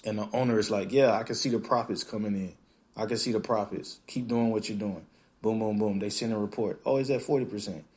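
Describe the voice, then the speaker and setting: Male podcast host, lowish voice, animated off-the-cuff monologue with acted-out quotes. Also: a little fast. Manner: animated, plays out quoted voices, swears casually. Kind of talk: casual monologue.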